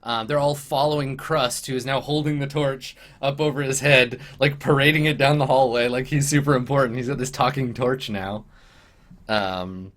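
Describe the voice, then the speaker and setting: A man's voice: medium pitch, steady tone, moderate pace, a bit bright. Rambling man running a tabletop game. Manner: rambling, full of fillers and laughs. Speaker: game master.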